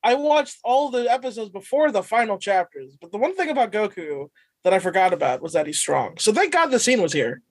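Sarcastic co-host with a lively voice. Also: mid-range voice, brisk, breathy edge, dry recording. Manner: sarcastic, laughs easily. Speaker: podcast co-host. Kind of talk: casual chat.

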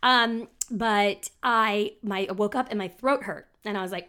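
A woman's voice: mid-range voice, a little slow, sharp tone, smooth. A woman co-hosting a casual chat show, talking in a chatty, jokey way with playful asides. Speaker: podcast co-host.

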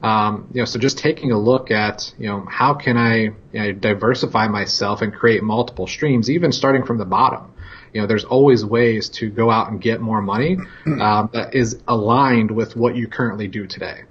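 Male guest, low husky voice, measured delivery, dull lo-fi audio. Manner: measured, heavy on "you know" fillers. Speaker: interview guest. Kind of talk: casual interview chat.

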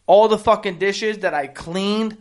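Male podcast host with a high voice, brash, animated and profane when telling a story. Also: measured pace. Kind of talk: casual podcast chat.

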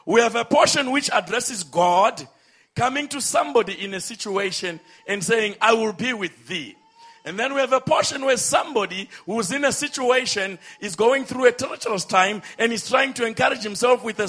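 A man preaching a sermon, with emphatic, drawn-out phrases, calling on the congregation to respond. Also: high voice, lively intonation, a bit bright, slightly rough.

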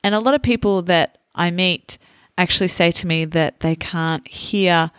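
A woman with a lightly Australian accent, interviewing a guest the way an English teacher would. She speaks in a lowish voice and explains things slowly and carefully, with pauses. The sound is dry and close. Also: clean tone, dry recording. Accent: toned-down Australian. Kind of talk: casual interview chat.

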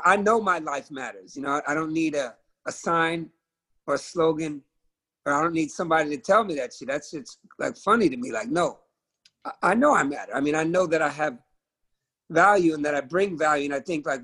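A man's voice: on the high side, brisk, pushed and bright. A middle-aged man, a musician guest on a video call, talking with passion and emphasis and swearing freely. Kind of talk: candid conversational interview.

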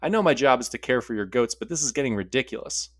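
A man's voice: medium pitch, expressive, quick pace, fairly bright tone, dry recording, studio quality. A man voicing a tired, annoyed male cave monster who grumbles in a weary, put-upon way. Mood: grumbling.

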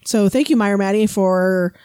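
A woman's voice: medium pitch, unhurried, mellow, clean tone, no echo, studio quality. A woman co-hosting a podcast in casual chat, blunt and swearing freely. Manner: blunt, swears, laughs often. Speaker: podcast co-host.

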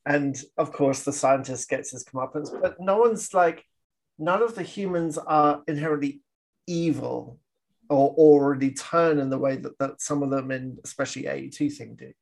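A man's voice: medium pitch, normal speed, gravelly, a little mellow. A man co-hosting a podcast, chatting casually about old films, laughing often and acting out quoted lines. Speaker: podcast co-host. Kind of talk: casual film discussion.

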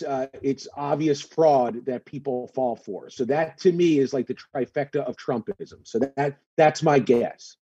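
A man's voice: mid-range voice, mellow, slightly rough, no echo, lo-fi sound. A man joking sarcastically as a guest on a casual comedy podcast. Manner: playful, sarcastic jokes.

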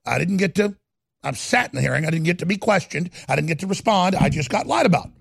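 A man hosting a talk radio show, delivering a heated, ranting monologue that swings between loud and quiet. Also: sits high, expressive, quick pace, vocal fry, dry recording, clean studio sound.

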